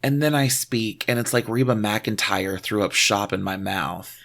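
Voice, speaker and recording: A man's voice: fairly low pitch, moderate pace, gravelly, a bit bright. A man from small-town Texas, co-hosting a podcast in casual, profane, self-mocking chat. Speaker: podcast co-host.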